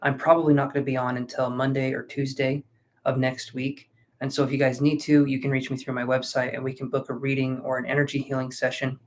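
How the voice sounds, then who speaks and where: A man's voice: mid-range voice, level tone, brisk, a little hiss or hum. A man giving a live-streamed tarot reading, chatting casually and thinking aloud with fillers, sleepy and yawning. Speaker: tarot reader.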